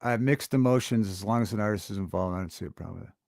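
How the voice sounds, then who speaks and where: A man hosting a casual livestream talk show, chatting with viewers in a halting, rambling way with many fillers and restarts. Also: on the low side, darkish tone, no room sound, clean studio sound. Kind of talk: casual livestream chat reading viewer comments. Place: home studio.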